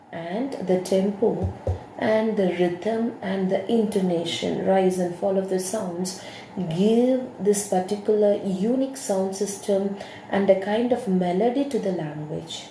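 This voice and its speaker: A woman lecturing students on pronunciation teaching, explaining slowly and repeating key terms. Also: medium pitch, mellow. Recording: echoey room with faint hiss.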